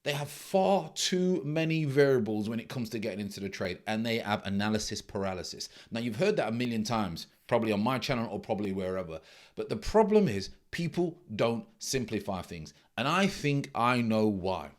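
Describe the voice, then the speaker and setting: A man's voice: fairly low pitch, lively intonation, normal speed. A middle-aged man, a trading mentor giving a blunt, emphatic casual monologue that repeats its key points.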